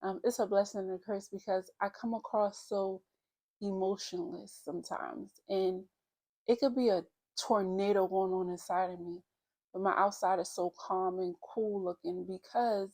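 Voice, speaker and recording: A woman vlogger in her thirties, her medium-pitched voice darkish in tone, reflects openly on how she feels in a candid personal video.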